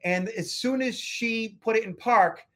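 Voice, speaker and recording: A man's voice: very high voice, measured pace. A man co-hosting a podcast, telling a story in a rambling, casual way and often repeating words as he goes. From Boston area. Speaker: podcast co-host.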